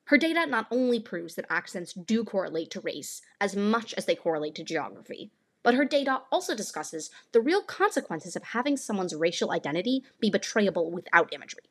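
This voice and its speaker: Husky-voiced woman hosting a podcast. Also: medium pitch, big pitch swings, fairly quick, a bit bright. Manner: earnest, explanatory, reads from a script. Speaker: podcast host. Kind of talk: scripted podcast narration.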